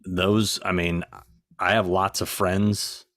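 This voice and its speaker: A man's voice: deep voice, little pitch movement, takes it slowly, fairly bright tone, dry recording, clean studio sound. A middle-aged man, a podcast guest, telling stories in a blunt, exasperated manner. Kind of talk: casual anecdote telling.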